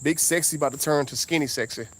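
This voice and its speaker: A man with a Southern US accent rambling casually as a car vlogger outdoors, drawing out his words and breaking into sudden high exclamations. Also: a little hiss or hum. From Southern United States. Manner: laid-back, drawn-out talk with sudden high exclamations.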